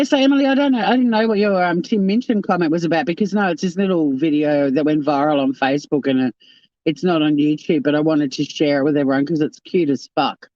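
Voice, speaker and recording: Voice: medium pitch, fast talker, a little mellow, no echo. A livestream host, chatting casually with viewers and reading chat, swearing freely and laughing often. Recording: dull lo-fi dry sound.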